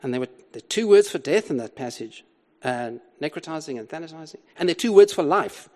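A man's voice: on the high side, expressive, quick pace, darkish tone. An older man preaching a sermon, explaining a Bible passage with emphatic repetition and rhetorical questions. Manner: emphatic, repeats key words, rhetorical questions.

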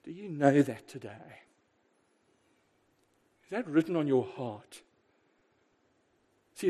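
A male pastor preaching a sermon, emphatic and lively, asking rhetorical questions and swinging between loud bursts and quiet asides. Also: fairly high pitch, breathy edge.

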